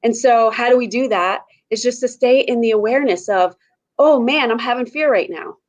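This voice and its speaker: A woman's voice: a little high, normal speed. A mother on a panel, talking earnestly and thinking aloud as she reflects on fear and anger in her community. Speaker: panel guest. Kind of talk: casual reflective chat.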